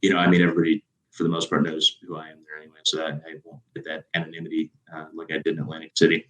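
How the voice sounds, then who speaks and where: A man from Chicago with a very deep voice hosts a podcast in easy, rambling chat. His voice carries a noticeable echo from the room. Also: completely flat delivery, racing. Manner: rambling, many fillers and restarts. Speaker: podcast host.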